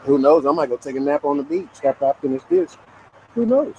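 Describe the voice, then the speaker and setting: A man chatting casually with viewers while he eats, relaxed and joking. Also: a little high, fairly quick, highs cut off, a little hiss or hum. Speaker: vlogger. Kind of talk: casual live-stream chat while eating.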